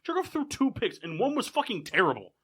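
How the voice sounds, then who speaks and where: A man's voice: very high voice, huge pitch swings, brisk, fairly bright tone, slightly rough. A man co-hosting a casual sports podcast, arguing bluntly and swearing freely. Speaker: podcast co-host.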